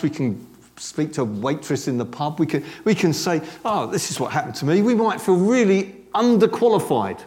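A man preaching to a responsive congregation, his voice sitting a little high for a man. He talks in a chatty, joking way, and his pitch swings widely as he drives his points home. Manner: animated, conversational, joking asides. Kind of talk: sermon. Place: church service with congregation responding.

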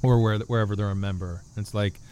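Brief: male author guest, lowish voice, jokey and rambling, faint background hum. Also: steady tone, quick pace, a little mellow. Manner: joking, rambling with restarts. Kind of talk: casual podcast chat.

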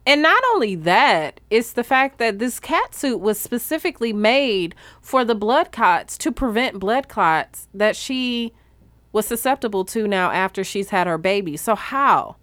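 A woman co-hosting a podcast, talking blunt and animated in casual chat with slang and swearing. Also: mid-range voice, unhurried, dry recording. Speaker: podcast co-host.

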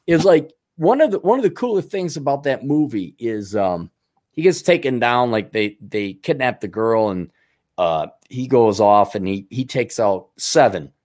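Animated male podcast host, lively pitch. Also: moderate pace. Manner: animated, many fillers and restarts. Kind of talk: casual chat.

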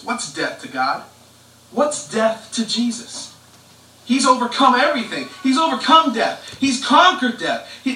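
A man preaches in a loose, conversational way, breaking off and restarting his sentences. His voice sits high and sounds bright. The live-stream audio comes from a distance in a roomy, echoing living room. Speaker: pastor.

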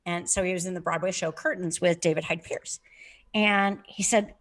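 A woman hosting a podcast, telling stories in a lively, animated way and laughing often. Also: mid-range voice, moderate pace. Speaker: podcast host. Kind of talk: casual conversation.

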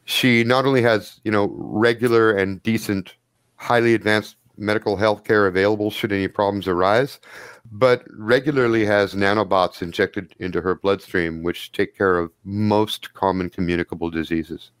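A man narrating a tabletop role-playing game as game master, relaxed and rambling with fillers. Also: fairly low pitch, moderate pace, clear, resonant tone, no room sound.

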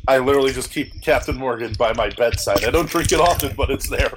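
A man's voice: mid-range voice, fast, noisy background. A man co-hosting a podcast in casual, teasing chat. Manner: teasing, playful. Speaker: podcast co-host.

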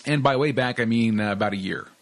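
A man's voice: medium pitch, quick pace. Laid-back rambling man hosting a podcast. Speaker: podcast host. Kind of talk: casual chat.

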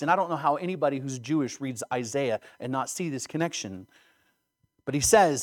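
A man at a middle pitch reads scripture in a sermon. His reading is dramatic. He calls out loudly on the shouted lines and sinks to a hushed, solemn tone on the grave ones. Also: moderate pace. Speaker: preacher.

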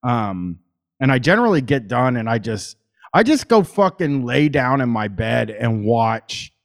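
A man's voice: medium pitch, sing-song, measured pace, gravelly. A man podcaster talking as a guest in casual chat, rambling, swearing freely and using many fillers.

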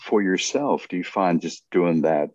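Male podcast host, very low and husky, lively intonation, dry dull recording. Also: unhurried, no echo. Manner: relaxed, affirming listener. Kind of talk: casual interview questions.

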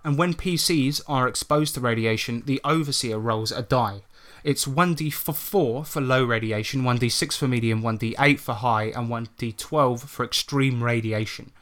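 A man's voice: mid-range voice, normal speed, hardly any pauses, a bit bright. A man co-hosting a podcast in a casual chat, explaining tabletop game rules step by step and swearing freely.

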